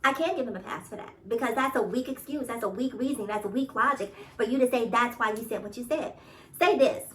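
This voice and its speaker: A woman's voice: on the high side, quick pace, fairly bright tone, slight background noise. Emphatic New York woman, slightly distant mic. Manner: emphatic, repeats points, laughs often. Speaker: commentary vlogger. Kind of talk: casual opinion commentary.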